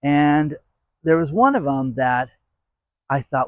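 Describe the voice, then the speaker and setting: A man's voice: fairly high pitch, lively intonation, slow, pauses often, no echo. A man hosting his own channel, talking casually to viewers and driving his points home with repeated "okay?". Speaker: channel host. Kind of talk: casual commentary to camera.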